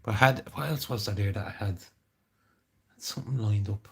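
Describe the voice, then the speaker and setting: Rambling low-voiced Irish man streaming live. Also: moderate pace, gravelly, fairly bright tone, husky. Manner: rambling, talks to chat viewers by name. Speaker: livestreamer. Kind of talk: casual live-stream chat.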